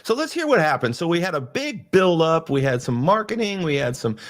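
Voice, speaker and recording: A man's voice: fairly high pitch, big pitch swings, brisk. A man hosting a podcast, talking earnestly and rambling through a faith monologue with frequent restarts. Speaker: podcast host.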